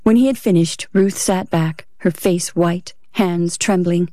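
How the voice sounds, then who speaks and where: A woman narrating a story aloud in a steady reading voice. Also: lowish voice, measured pace, hardly any pauses, no echo, clean studio sound. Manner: steady reading, varies voice for characters. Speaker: audiobook narrator. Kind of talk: scripted narration.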